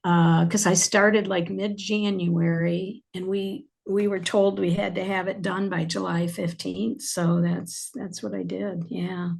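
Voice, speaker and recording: Chatty woman with a gravelly edge. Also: fairly low pitch, level tone, measured pace, few pauses, a little mellow. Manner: chatty, many fillers, gets choked up with emotion. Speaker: podcast guest, author. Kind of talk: casual interview chat.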